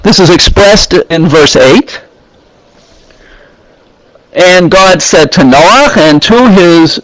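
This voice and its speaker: A man teaching scripture in an unhurried way, pausing often as he reads Hebrew phrases and explains them. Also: high voice, no room sound, rough recording. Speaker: Bible teacher.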